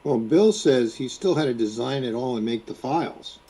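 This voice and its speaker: Casting note: a husky, mellow-voiced man making wry jokes as co-host. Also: medium pitch, lively intonation, normal speed, low-quality recording. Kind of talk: casual livestream chat.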